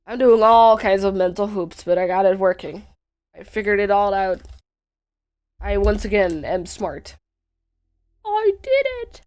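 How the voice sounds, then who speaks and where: A woman's voice: medium pitch, steady tone, normal speed, a little mellow. A woman streamer chatting casually through a puzzle game, sick and sleepy, playful and self-mocking. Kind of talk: casual gameplay commentary.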